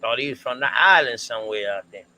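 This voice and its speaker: A man co-hosting a casual history discussion stream, talking in a laid-back, slangy, drawn-out way. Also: mid-range voice, animated, pushed and bright, slight background noise, poor audio. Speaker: co-host.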